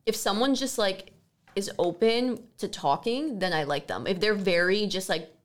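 A young woman from Canada telling rambling party stories in casual chat, full of "like" and swearing. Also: mid-range voice. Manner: fast, rambling storytelling with frequent "like" and swearing.

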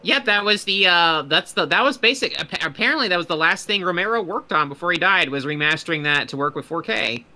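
Bright, crisp-voiced man, sarcastic. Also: sits high, lively intonation. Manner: sarcastic, quick to interrupt. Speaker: podcast co-host. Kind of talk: casual podcast chat.

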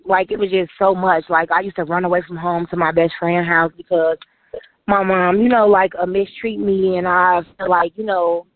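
A woman with a fairly low, fairly even voice speaks at a moderate pace over a tinny, phone-like line with a dry sound. She's an author appearing as an interview guest, giving personal testimony about her life in an emotional, run-on way packed with "like"s.

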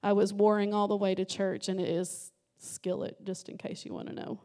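A middle-aged woman preaching a Pentecostal sermon in a church, impassioned and rising to shouts. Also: medium pitch, little pitch movement, moderate pace. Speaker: guest preacher. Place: church sanctuary.

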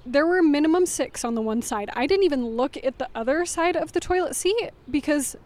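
A woman co-hosting a casual chat, telling an animated, dramatic story with frequent laughter. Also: sits high, a little fast.

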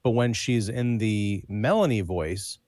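A man's voice: lowish voice, a little slow, a little mellow, no echo, studio quality. A man co-hosting a podcast in casual film review chat, making wry, critical remarks. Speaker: podcast co-host.

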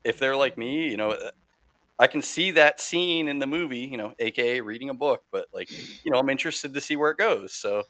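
Brief: relaxed man hosting a chat show, mid pitch, dry. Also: fairly quick, no room sound, rough recording. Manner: laid-back, candid, repeats himself. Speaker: podcast host. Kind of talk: casual chat.

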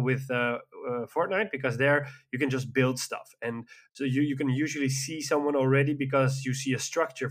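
A man with a mid-range voice chats casually as a podcast co-host. He rambles with enthusiasm and drops frequent fillers as he goes. His voice sits at an ordinary pitch. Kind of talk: casual chat.

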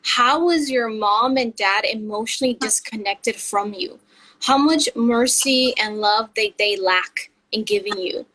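A woman's voice: fairly high pitch, unhurried, fairly bright tone, poor audio. A woman co-hosting a casual faith podcast, earnest and encouraging, laughing often. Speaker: podcast co-host.

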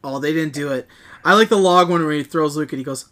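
A man's voice: fairly high pitch, quick pace, very noisy. A young man co-hosting a podcast, chatting enthusiastically and rambling with lots of fillers. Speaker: podcast co-host. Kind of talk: casual chat.

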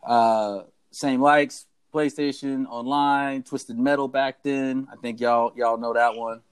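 Animated young man telling a story. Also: medium pitch, slow pace, clean tone. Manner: animated storyteller who acts out the voices of people in his story. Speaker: podcast co-host. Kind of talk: casual storytelling chat.

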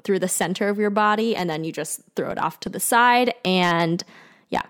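A woman's voice: mid-range voice, moderate pace, a bit bright, clear, resonant tone. A young woman talks through an episode on a podcast in an easy, chatty way. She recaps scene by scene and keeps the tone casual and friendly, with a medium voice in the usual range. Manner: chatty, acts out quoted lines with giggles. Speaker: podcast co-host.

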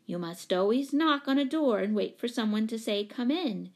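A woman reading aloud plays a practical mother in a children's story, brisk and firm yet gentle. She sounds close to the reader's own voice. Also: on the high side, lively intonation.

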